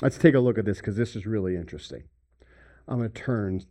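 A man preaching a sermon, swinging between loud emphasis and hushed near-whispers. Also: on the low side, fast. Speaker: pastor.

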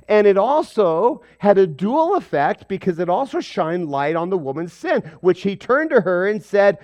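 A man preaching a sermon as pastor, asking his listeners questions and acting out the lines he quotes. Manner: animated, acts out quoted voices with big pitch jumps; asks the congregation questions.

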